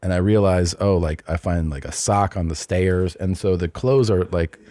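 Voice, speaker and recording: A man's voice: low-pitched, moderate pace, dark tone, no echo, clean studio sound. A middle-aged man hosting a podcast, telling a long rambling anecdote in casual chat, often restarting and adding asides. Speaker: podcast host.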